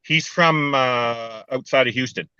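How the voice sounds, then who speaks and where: A man's voice: mid-range voice, measured pace, pushed and bright, clear, resonant tone, no room sound, muffled recording. An older man from Canada in casual chat, laughing often as he talks. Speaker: co-host.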